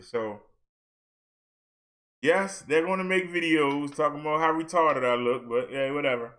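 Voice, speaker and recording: A man chatting casually to his viewers in a loose, rambling way, often repeating himself. His voice sits a little high and comes across bright and forceful. He is recorded on a helmet-mounted camera. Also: measured pace, long pauses. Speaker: vlogger and minister.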